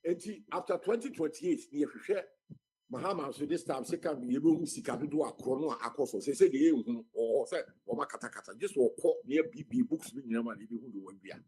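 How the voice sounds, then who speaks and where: A man's voice: medium pitch, fast talker, warm tone, breathy edge, poor audio. A man speaking passionately as a guest on a radio talk show. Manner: impassioned, mixing Twi and English.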